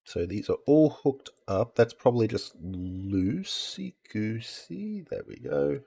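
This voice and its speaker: A man's voice: mid-range voice, sing-song, takes it slowly, gravelly, dark tone, husky. Man from Australia muttering over repairs. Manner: mutters to himself and coaxes parts while soldering. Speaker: console repair streamer. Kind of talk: casual talk while working.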